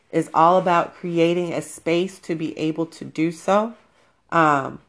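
Woman, deep speaking voice, frank and profane, casual personal talk. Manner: blunt, profane, conversational.

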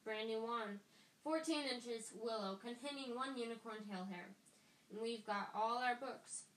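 A woman's voice: on the high side, unhurried, a bit bright, reverberant, low-quality recording. A woman voicing a cheeky, joking schoolboy who teases his friends, in a storybook reading. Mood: boastful. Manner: breezy, teasing.

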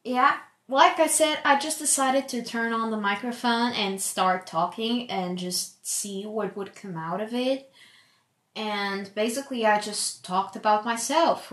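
A young woman hosting a solo podcast, chatting casually in a rambling way and calling herself loud. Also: mid-range voice, unhurried. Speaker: podcast host. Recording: echoey room.

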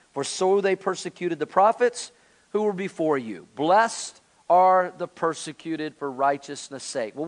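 A man in his forties, a pastor, preaching a sermon in an earnest, conversational way to his congregation. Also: sits high. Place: church sanctuary.

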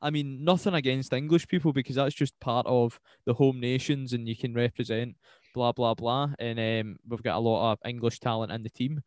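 A Scottish man in casual football banter, rambling and swearing freely. His voice sits at a middling pitch and lands dry and close on the mic, with no room sound around it. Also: fairly even intonation, moderate pace, darkish tone, no room sound. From Scotland. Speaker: podcast co-host.

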